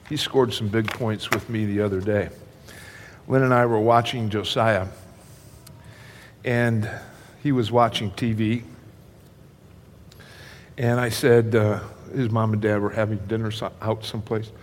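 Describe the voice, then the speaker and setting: A man's voice: on the low side, fairly even intonation, measured pace, long pauses, big-room sound, slight background noise. An older man preaching a sermon, talking conversationally and addressing his congregation directly. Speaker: pastor.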